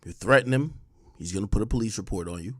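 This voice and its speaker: A man's voice: lowish voice, fast talker, no room sound, clean studio sound. A man hosting a livestream, rambling through casual commentary and repeating himself. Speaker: livestream host.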